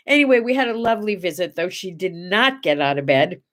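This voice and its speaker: A woman's voice: lowish voice, big pitch swings, brisk, hardly any pauses, a bit bright. A middle-aged woman hosting a casual morning chat show, chatty and tender, rambling with little asides. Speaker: host.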